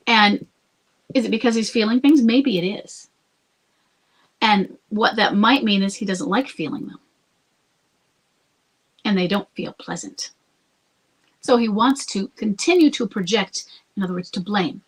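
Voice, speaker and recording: A woman's voice: medium pitch, a little slow, pauses often, slightly rough, poor audio. A woman hosting an advice podcast, answering a listener in a conversational, thinking-aloud way and sometimes dropping to a whisper. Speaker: podcast host and coach.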